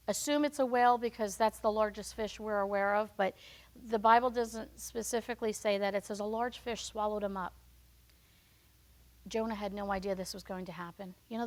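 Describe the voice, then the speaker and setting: A woman hosting a devotional podcast, teaching in a conversational storytelling way and acting out the people in the story. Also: mid-range voice.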